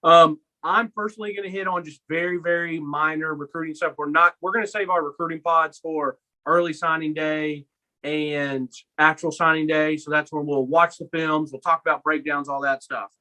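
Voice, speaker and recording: A young man co-hosting a casual sports podcast, telling stories in an animated way and acting out his own lines. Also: on the high side, normal speed, rough recording. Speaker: podcast co-host.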